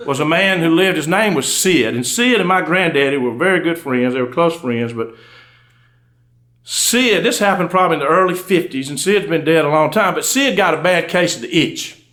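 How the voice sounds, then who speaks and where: Animated and a bit bright, this slightly high male voice moves at a moderate pace. He's a Georgia undertaker turned storyteller, performing funny stories live in a folksy Southern drawl with remarks to the audience.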